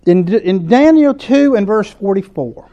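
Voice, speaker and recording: High-voiced Southern preacher. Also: male voice, animated, measured pace, warm tone, dull audio. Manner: earnest, conversational preaching with rising emphasis. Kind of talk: sermon.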